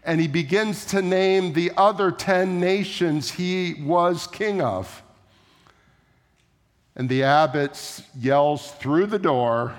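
Speaking slowly in a fairly high voice, a male pastor tells a story in a conversational way during a sermon. The recording was made in a church sanctuary, so the hall echoes noticeably.

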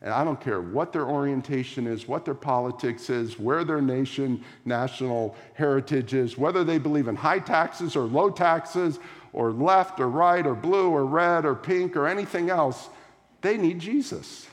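A man, a pastor, preaching a sermon to a congregation in a large room, driving his points home with repeated words and sharp swings between loud and soft. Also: on the high side, moderate pace. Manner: emphatic, repetitive preaching cadence with big swings in loudness. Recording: long hall reverb.

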